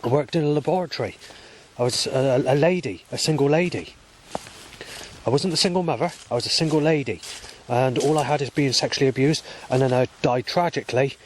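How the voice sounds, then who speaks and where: A man's voice: mid-range voice, fairly quick, a little hiss or hum. A man vlogging on a walk outdoors by a road, talking in a rambling, agitated and profane monologue.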